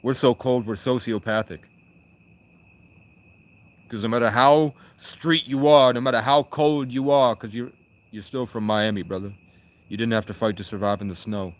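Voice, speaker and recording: A young man rambling casually on a livestream, trailing off and restarting, with sudden loud bursts. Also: mid-range voice, steady tone, moderate pace, pauses often.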